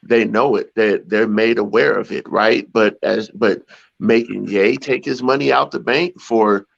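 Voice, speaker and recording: A man co-hosting a talk show, speaking haltingly with many restarts and repeated words. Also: lowish voice, fairly even intonation, creaky. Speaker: podcast co-host. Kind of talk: casual talk show discussion. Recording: dull lo-fi sound.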